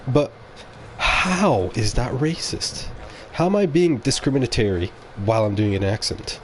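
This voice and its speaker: Low-voiced blunt male streamer. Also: darkish tone, slight background noise. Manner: rambling, blunt, talks straight to chat. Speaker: game streamer. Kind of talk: casual live-stream chat.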